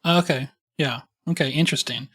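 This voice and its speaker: A man co-hosting a casual music podcast, chatting and reading song lyrics aloud in a slow, measured way. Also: medium pitch, a bit bright. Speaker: podcast co-host.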